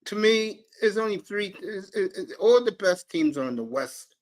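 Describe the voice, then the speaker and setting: Man, sports talk host, brash, swears a lot, fairly high voice. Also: animated, moderate pace. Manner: brash and profane, talking to chat viewers by name. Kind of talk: live-stream sports talk.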